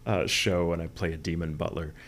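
A man's voice: sits low, fairly even intonation, brisk. A man from the United States, a voice actor guest, chatting candidly in a rambling interview and swearing freely. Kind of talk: casual interview chat.

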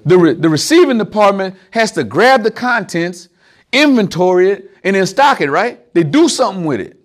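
A man preaching an informal, conversational sermon to a small group, animated and speaking straight to his listeners with everyday examples. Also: high voice, normal speed.

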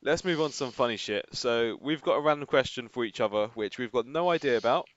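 A man's voice: medium pitch, fast, no echo. A young man co-hosting a podcast, easygoing and encouraging in casual chat. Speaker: podcast co-host. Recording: dry, slightly dull podcast mic.

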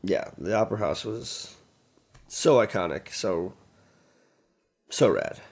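A man's voice: on the low side, expressive, slow, slightly rough. A man guesting on a podcast, trading playful jokes in casual banter. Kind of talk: casual chat.

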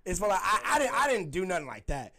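A man's voice: high voice, very animated, fast, crowd noise. A young man telling a story in casual podcast chat, rambling with lots of fillers and frequent laughter.

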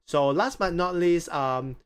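A man hosting a live interview show, speaking deliberately with hesitant fillers and repeating phrases slowly. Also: fairly high pitch, clean tone.

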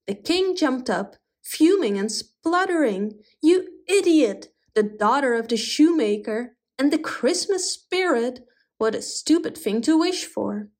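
Woman reading a storybook aloud, expressively. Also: fairly high pitch.

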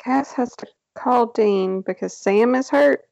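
A woman co-hosting a casual chat, mostly giving short agreeing replies and quick questions. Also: a little high, creaky, darkish tone, no room sound, lo-fi sound. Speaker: podcast co-host.

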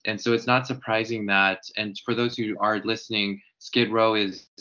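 Bright earnest man explaining policy. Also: fairly low pitch, fairly even intonation. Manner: measured, explanatory, uses organizer terms. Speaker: political guest, former congressional candidate. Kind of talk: earnest policy talk on a podcast. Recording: dull lo-fi sound.

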